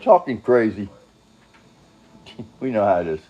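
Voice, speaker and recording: A man's voice: lowish voice, sing-song, slow, highs cut off. An older man telling his own story in a rambling, casual monologue, blunt and profane, chuckling and drifting off on tangents.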